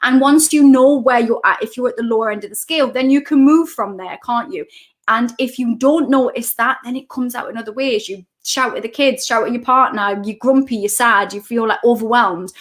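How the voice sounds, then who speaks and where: A woman's voice: a little high, brisk. A woman, a coach hosting a casual live stream from home, chatting as she greets viewers by name and reads out their comments.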